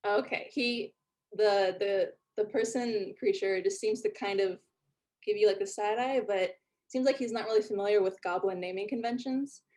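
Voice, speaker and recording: A woman's voice: mid-range voice, moderate pace. Woman narrating as game master. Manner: relaxed, with frequent fillers.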